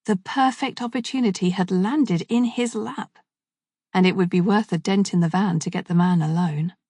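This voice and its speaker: A woman reading a thriller story aloud in steady, measured scripted narration. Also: mid-range voice, no room sound, studio quality.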